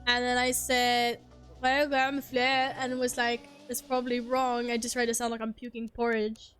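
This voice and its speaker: Fairly high and fairly bright, this young woman's voice stays completely flat at a moderate pace as she livestreams a game. She banters playfully with viewers, mocks herself, and laughs and swears casually, with soft music underneath.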